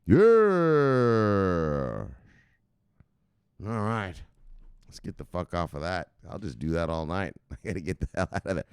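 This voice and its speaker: A man's voice: low-pitched, steady tone, fast, clear, resonant tone, dry recording, clean studio sound. A man hosting a casual vlog, talking loosely with lots of swearing and laughter at home. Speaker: host.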